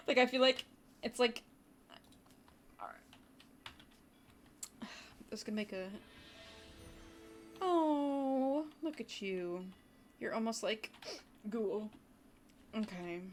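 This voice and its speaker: A woman's voice: medium pitch, a bit bright, slight background noise. Chatty woman streaming a game. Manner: chatty, talks to chat, drops into brief whispered asides. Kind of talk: casual gaming livestream commentary. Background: faint keyboard typing.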